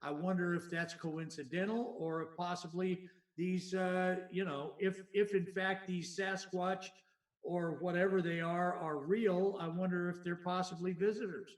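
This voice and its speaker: Male podcast co-host, high voice, rambling and stammery, echoey room, distant mic. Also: flat delivery, unhurried. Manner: rambling, musing, stammering repeats. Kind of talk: casual chat.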